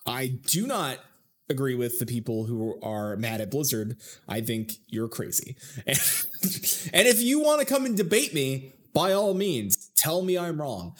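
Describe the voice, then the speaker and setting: A man's voice: mid-range voice, big pitch swings, measured pace. A man co-hosting a casual gaming podcast, ranting animatedly and laughing often. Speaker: podcast co-host. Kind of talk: casual chat.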